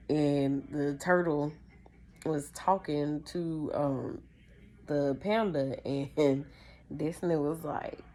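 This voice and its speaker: A young woman, hosting a podcast and telling a childhood story in a casual, animated way, often calling her listeners "y'all". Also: sits low. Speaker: podcast host.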